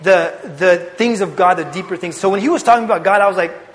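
A young man giving a casual, animated testimony to a youth group, telling his story with slang. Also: high-pitched, fast, hardly any pauses. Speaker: youth speaker. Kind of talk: testimony sermon. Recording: long hall reverb.

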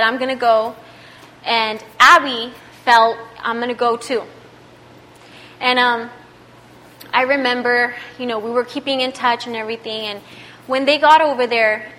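A woman's voice: fairly high pitch, sharp tone, a little hiss or hum. A woman preaching to a youth group, telling a personal story in a conversational way and building to passionate exhortation. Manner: passionate, rising to emphatic exhortation. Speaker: youth speaker. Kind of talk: sermon.

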